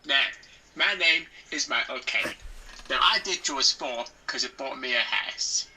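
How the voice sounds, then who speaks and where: A man's voice: mid-range voice, expressive, a little slow, sharp tone, husky, heavily acted, rough recording. A man doing an impression of an older English film actor, with a laconic, drawling delivery, in a voice clip sent to a podcast. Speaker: listener sending a voice clip.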